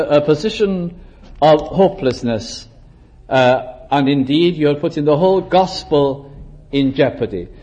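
A man preaching a sermon in a measured way, slowing down to stress scripture and sometimes clearing his throat. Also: a little high, darkish tone. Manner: occasional throat clearing and restarts. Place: church service.

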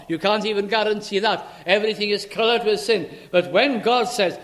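High-voiced man preaching a sermon. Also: a bit bright. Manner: slow, emphatic scripture reading with rhetorical questions.

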